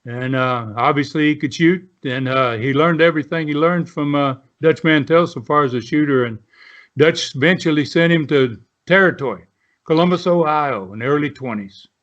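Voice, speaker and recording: A man's voice: on the high side, normal speed, fairly bright tone. Older man telling stories over dull lo-fi audio. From Southern United States. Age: 70s. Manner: rambling, many "uh" and "you know" fillers. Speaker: interview guest, former wrestler. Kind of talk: storytelling in a casual interview.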